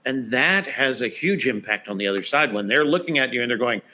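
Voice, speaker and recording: A man's voice: medium pitch, animated, fairly quick, few pauses, sharp tone. A man guest on a podcast interview, talking casually with lots of "you know" and "right?". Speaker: guest expert.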